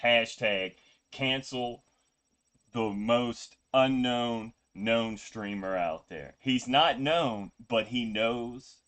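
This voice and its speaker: A man streaming a video game, chatting casually in a rambling, joking, low-key way. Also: very slow, a bit bright. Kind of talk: casual gameplay stream chat.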